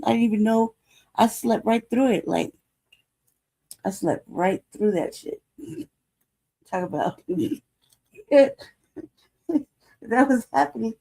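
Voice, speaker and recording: Laughing woman, mellow voice, rambling story. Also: fairly low pitch. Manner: rambling storytelling, laughing often, swears freely. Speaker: livestream host. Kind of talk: casual livestream chat.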